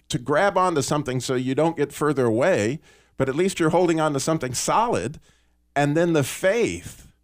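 A man hosting a Christian radio talk show, telling a story in an earnest, animated way with small restarts. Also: mid-range voice, dry recording, studio quality. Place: radio studio.

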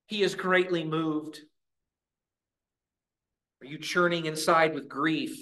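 A man preaching a sermon in a church, earnest, with dramatic pauses and voiced prayers. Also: a little high, fairly even intonation, pushed and bright. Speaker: pastor.

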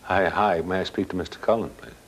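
An older man casually telling a personal anecdote as a guest, halting at times and acting out dialogue. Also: deep voice, vocal fry, noisy background. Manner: plain-spoken, halting, with restarts and quoted dialogue. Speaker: guest storyteller.

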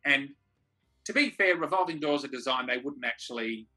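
A man's voice: mid-range voice, lively intonation, normal speed, sharp tone, soft background music. An Australian man chatting casually on a video call as a comedy co-host, laughing easily as he tells stories. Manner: laughing, easygoing storyteller.

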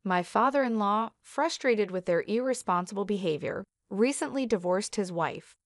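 A mid-pitched woman narrates a first-person story in an even, steady way. The sound is close and dry, with no room around it. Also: normal speed, dry recording.

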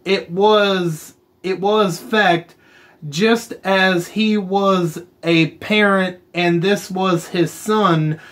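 A man hosting a gaming channel, chatting casually over gameplay and slowly reading story text aloud with muttered asides. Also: sits high, fairly even intonation, fairly bright tone.

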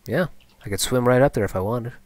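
A man's voice: medium pitch, quick pace, no echo. Male co-player, easygoing matter-of-fact chat, dry recording. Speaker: co-player on a stream. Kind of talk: casual gaming chat.

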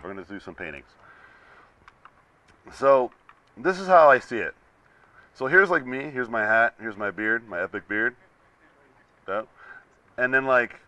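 Young male concept artist, low, bright voice, storytelling to students, lo-fi classroom recording. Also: no echo. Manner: storytelling, animated, acts out quoted people. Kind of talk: casual talk to students while sketching.

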